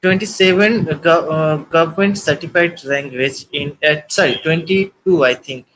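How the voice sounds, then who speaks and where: A man from India, a Bengali speaker, with an Indian English accent, talking haltingly on a video call as an English learner. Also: fairly high pitch, a bit bright, a little hiss or hum, rough recording. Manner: halting and hesitant, many restarts while searching for words.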